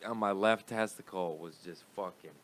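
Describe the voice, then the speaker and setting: A man's voice: deep voice, moderate pace, fairly bright tone. A young man, a comedian guest, telling a profane, rambling story in casual chat.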